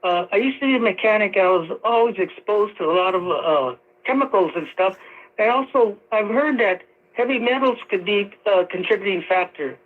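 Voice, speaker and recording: Halting male caller over tinny phone line. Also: high-pitched, expressive. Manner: rambling, halting, many fillers. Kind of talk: radio call-in.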